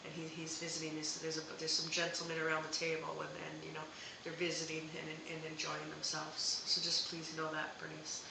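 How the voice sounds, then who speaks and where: A woman's voice: deep voice, monotone, brisk, creaky, few pauses, heavy reverb, noisy background. A woman hosting a live psychic reading, talking hesitantly with many fillers and restarts. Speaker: psychic medium host.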